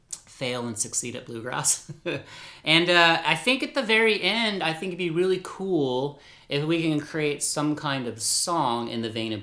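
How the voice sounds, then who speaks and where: A man's voice: fairly high pitch, pushed and bright. A man teaching guitar in a casual, rambling, upbeat way, laughing at himself as he goes. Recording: roomy echo with guitar playing.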